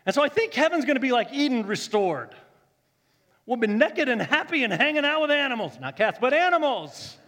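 A male pastor telling a story in a sermon, joking and animated, swinging from loud bursts to hushed tones. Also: very high-pitched, fairly quick, big-room sound.

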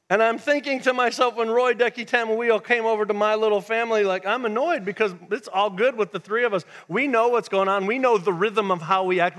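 Guy preaching in church, higher voice, big swings loud to quiet, storytelling. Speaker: pastor. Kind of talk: sermon. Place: church sanctuary.

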